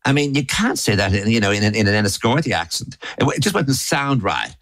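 A man interviewing a guest in a relaxed conversational way, building long anecdotal questions. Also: on the low side, quick pace, no echo.

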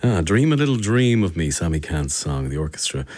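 An Irish man hosts a radio show from a studio microphone and reads out listener messages. His voice sits low and a little husky. He talks in a relaxed, chatty way and jokes along with his listeners. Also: a little fast. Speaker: radio presenter. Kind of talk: casual radio chat reading listener messages.

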